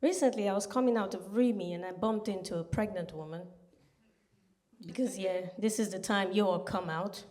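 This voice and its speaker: A woman's voice: mid-range voice, moderate pace, a little mellow. A woman doing a stand-up set in a comedy club, talking to the crowd in a punchy, chatty way with lots of asides.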